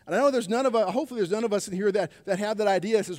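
A man's voice: high voice, lively intonation, fast, hardly any pauses, darkish tone. A man preaching a sermon as pastor, calling out to his congregation for responses. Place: church sanctuary. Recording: long reverb of a church hall.

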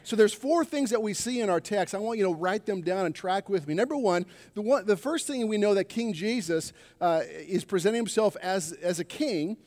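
A male pastor delivers a sermon with a fairly high voice, calling out to his congregation for responses. The sound carries the long echo of a church sanctuary. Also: animated, moderate pace, few pauses, a little mellow. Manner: preaching with call-and-response to the congregation. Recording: long reverb of a church hall.

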